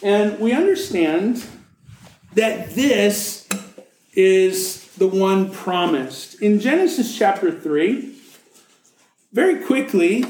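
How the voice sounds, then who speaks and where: A man with a high, lifted voice preaches at an unhurried pace. He reads scripture and then breaks into light jokes and little acted-out scenes. His voice rings through an echoey church room. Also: darkish tone. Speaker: pastor. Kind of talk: sermon.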